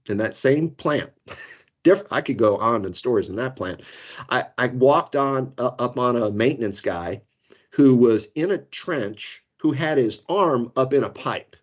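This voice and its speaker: A man in his fifties from the Florida Keys, a guest in a casual podcast interview. He rambles through self-deprecating stories and chuckles as he goes. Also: medium pitch. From Florida Keys, United States. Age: 50s. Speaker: guest, safety consultant. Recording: dull lo-fi sound.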